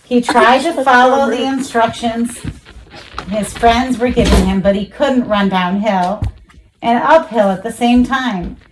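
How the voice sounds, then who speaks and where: A woman reading a children's storybook aloud, expressive, jumping high for the animal voices. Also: a little slow, a little hiss or hum, rough recording. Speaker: children's book reader.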